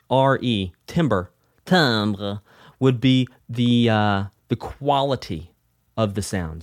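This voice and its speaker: A man coaching music students in an energetic, repetitive way, giving casual advice and telling stories. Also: medium pitch. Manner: energetic, repetitive, storytelling with acted quotes.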